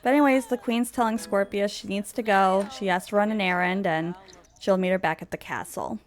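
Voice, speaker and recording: A woman's voice: mid-range voice, fairly even intonation, brisk. A woman casually narrating a life-simulation storyline, chatty and rambling, explaining the characters as she goes. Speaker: game storyteller.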